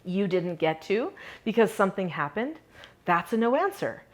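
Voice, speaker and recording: A woman's voice: medium pitch, normal speed. Upbeat woman teaching parenting tips. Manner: upbeat, shifts between animated and calm delivery. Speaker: parenting educator. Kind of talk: direct-to-camera parenting lesson.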